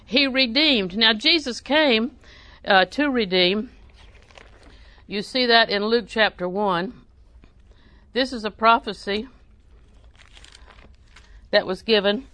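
A woman's voice: fairly high pitch, slow, pauses often, sharp tone, no room sound. Folksy woman preaching a sermon, dry sound. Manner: folksy storytelling with scripture reading.

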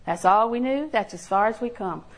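Older lady preacher telling folksy stories, kinda high voice, acts out the bits and laughs. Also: lively intonation, normal speed, poor audio. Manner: folksy storyteller, acts out calls and quotes with laughs. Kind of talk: sermon with homey stories.

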